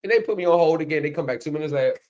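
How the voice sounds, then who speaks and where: A man's voice: fairly high pitch, very fast, dull audio. A man hosting a casual commentary chat, telling stories and acting out the people he quotes. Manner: animated storytelling, acts out quoted people. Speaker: host.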